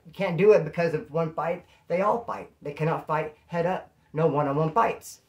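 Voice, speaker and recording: A man from California telling prison stories in casual slang, animated and acting out what people said. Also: a little high, moderate pace. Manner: streetwise slang, animated, acts out quotes. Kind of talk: casual storytelling to camera.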